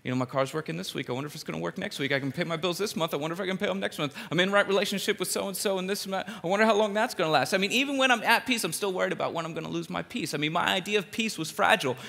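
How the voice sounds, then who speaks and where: A man from the Philadelphia area delivers a sermon in a large hall, his voice bright with a gravelly edge and ringing off the walls. He tells stories in an animated way, slipping in quick jokes and repeating words for effect. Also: high voice. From Philadelphia area, USA. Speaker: preacher. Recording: reverberant hall.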